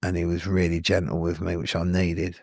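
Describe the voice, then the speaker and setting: A man's voice: low voice, completely flat delivery, brisk, creaky, a little mellow, dry recording, studio quality. A man, a podcast guest telling his story in a candid, rambling way with many "you know what I mean"s.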